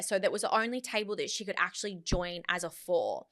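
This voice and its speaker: A woman in her thirties with an Australian accent, telling an animated, indignant story as a podcast co-host in casual chat. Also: mid-range voice, a little fast, hardly any pauses.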